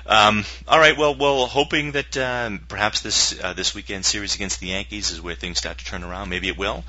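Jokey man with a bright edgy voice. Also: lowish voice, brisk, dry recording, dull audio. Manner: jokey, animated, slips into silly voices. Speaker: podcast co-host. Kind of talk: casual sports chat.

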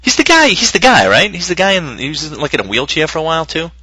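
A man's voice: on the high side, wildly swooping pitch, quick pace, bright, forceful tone, rough recording. A man co-hosting a podcast, rambling and swearing casually and laughing often. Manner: profane, rambling, laughs a lot. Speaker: podcast co-host.

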